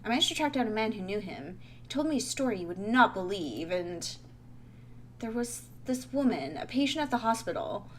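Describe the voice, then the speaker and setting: A woman voicing an older male doctor with a British accent, speaking in a measured, solemn way. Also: medium pitch, slight background noise, close to an everyday voice.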